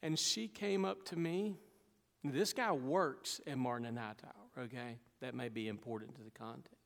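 A man's voice: mid-range voice, moderate pace, creaky. A male pastor, preaching a sermon with emphatic delivery and folksy asides. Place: church sanctuary. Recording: long hall reverb.

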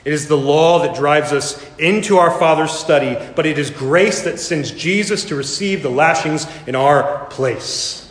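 A man preaching a sermon, telling a story with dramatic swells and slipping into character voices. His voice sits a little high for a man. It rings out through a large, echoing hall with a long reverb tail. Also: unhurried, few pauses. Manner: dramatic storytelling, voicing characters with sudden loud rises. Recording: echoey hall, reverberant room.

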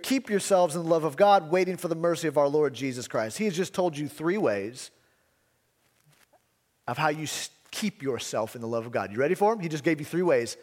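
A man's voice: sits high, darkish tone, long reverb tail. A man preaching a sermon as pastor, emphatic, asking rhetorical questions and repeating key phrases.

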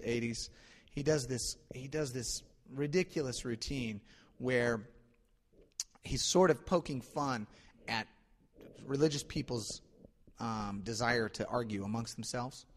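Male pastor, conversational sermon, animated storyteller, medium pitch, long hall reverb. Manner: conversational, animated retelling with many restarts.

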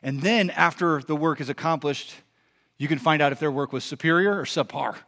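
A pastor preaching in a high voice. He speaks to his listeners in an easy, conversational way, but he presses points hard. He often throws questions out to them. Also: fairly quick, fairly bright tone. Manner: conversational, emphatic, rhetorical questions. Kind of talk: sermon.

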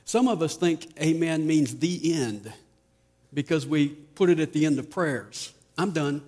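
A man preaching a sermon as pastor, slow and deliberate, often letting his voice fall soft at the ends of lines. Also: a little high, lively intonation. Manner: slow, deliberate preaching with dramatic drops in volume. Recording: long reverb of a large hall.

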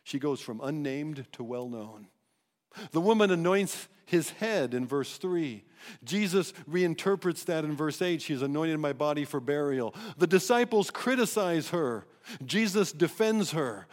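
A man preaching a sermon as pastor, emphatic and animated, often restarting his phrases. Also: on the high side, unhurried, in a large hall. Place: church sanctuary.

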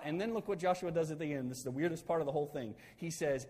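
A man's voice: a little high, expressive, fast talker, few pauses, darkish tone, in a large hall. A man preaching a sermon conversationally, asking his listeners questions and repeating key phrases.

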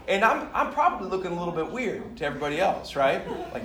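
A pastor talks fast in a high-pitched voice with few pauses, delivering a conversational sermon sprinkled with personal stories. He is self-deprecating and grows animated in the anecdotes, heard from a distance in an echoey room.

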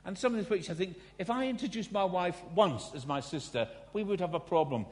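A man preaching to a congregation, his voice sitting a little high for a man. He tells the story with wry, joking asides. The sound rings out with a long reverb, as in a large hall. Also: lively intonation, fairly quick, few pauses. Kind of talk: sermon.

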